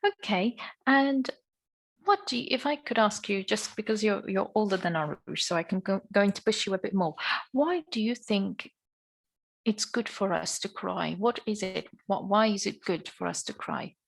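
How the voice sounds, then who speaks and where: A woman's voice: mid-range voice, expressive, moderate pace, creaky, rough recording. A woman teaching an online speaking lesson over a video call, patiently asking questions and giving encouraging praise. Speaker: English teacher.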